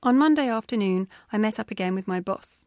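A woman's voice: mid-range voice, expressive, a little fast, a little mellow. A British woman reads from her memoir aloud, her delivery wry and drily funny. Her voice sits mid-range and sounds close and dry, with no room echo. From Britain. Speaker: author.

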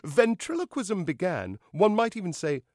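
A man's voice: high voice, very animated, moderate pace, darkish tone, no room sound, studio quality, pitched above the performer's own voice. A man doing a pompous old vicar. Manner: sermonizing, self-satisfied. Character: fussy elderly male vicar, pompous and jovial.

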